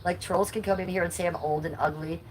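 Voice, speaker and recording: A woman's voice: fairly low pitch, steady tone, quick pace, a little mellow, slight background noise, low-quality recording. A middle-aged woman with a nasal voice, talking bluntly and indignantly to her chat on a live stream. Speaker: livestreamer.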